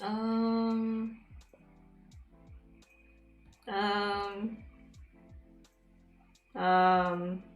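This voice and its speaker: Slow, rambling woman streamer. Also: medium pitch, steady tone. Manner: rambling, sarcastic asides. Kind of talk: casual chat while drawing. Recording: roomy with faint music.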